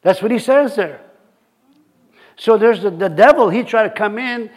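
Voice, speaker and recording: A middle-aged man preaching a sermon in a halting, folksy way, full of fillers and restarts, with chuckling asides. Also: high voice. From reservation community. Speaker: pastor.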